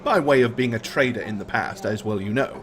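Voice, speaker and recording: A man's voice: fairly low pitch, brisk, music in the background, natural voice. A man voicing a frugal male servant and former merchant, polite and hesitant. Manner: polite and hesitant, full of ums.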